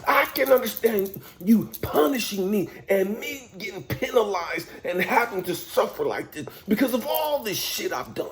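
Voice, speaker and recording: A man giving an emotional spoken monologue as a life coach, heavily profane and intense, swinging from loud outbursts to near whispers. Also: high voice, sing-song, normal speed, hardly any pauses.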